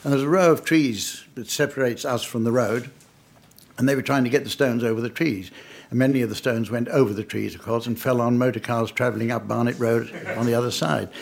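Older raconteur, gravelly and a bit husky, dry wit, storytelling to a laughing audience. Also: male voice, mid-range voice. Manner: dry, wry, understated delivery with audience laughter. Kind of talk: anecdotal storytelling talk.

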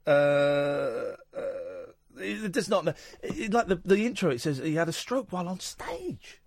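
A male radio host chatting on air in a studio, his slightly high voice swinging up and down a lot. He talks in an animated, jokey way and teases his guests. The studio mic sounds dry and close. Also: unhurried, gravelly, dry recording. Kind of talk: casual radio chat. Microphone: studio microphone.

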